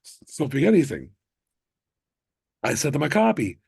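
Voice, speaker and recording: A man from the United States, a musician, telling stories in a casual interview with animated bursts of excitement. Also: on the high side, normal speed, gravelly, slightly rough, no echo. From United States (Miami). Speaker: musician guest.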